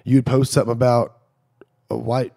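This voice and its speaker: A middle-aged man in a casual podcast chat, telling animated stories and acting out what people said. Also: mid-range voice, brisk, gravelly. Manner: animated storyteller acting out quoted dialogue.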